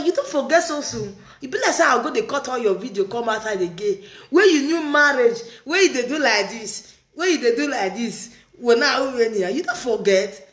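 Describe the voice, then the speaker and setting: A woman's voice: fairly high pitch, expressive, moderate pace. A woman speaking Nigerian Pidgin in casual chat, teasing and laughing often as she reacts to a video. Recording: roomy echoey room.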